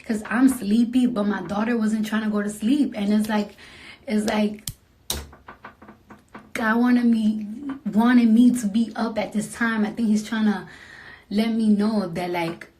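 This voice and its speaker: Emotional woman talking softly late at night. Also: fairly even intonation, a little slow, a little hiss or hum. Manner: emotional, rambling, heartfelt; soft and low-key, trailing into near-whispers. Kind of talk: late-night livestream talk to fans.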